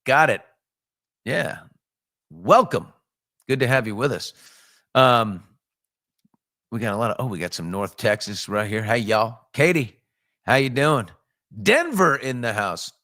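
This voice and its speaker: A man's voice: expressive, unhurried, long pauses, no echo. A middle-aged man hosting a casual morning show from a home studio, greeting viewers with bouncy, upbeat chatter. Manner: upbeat, shouting out viewers with jumps in pitch. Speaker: host.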